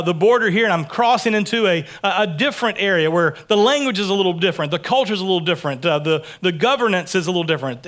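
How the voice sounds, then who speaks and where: A man from Texas preaching a sermon in a relaxed, conversational way, often repeating words as he builds his points. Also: high voice. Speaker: pastor. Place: church sanctuary.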